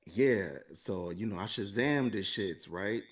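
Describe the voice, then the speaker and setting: Co-hosting a podcast, a man with a fairly low voice tells a long story at an unhurried pace. He rambles casually, swears freely, and laughs between lines.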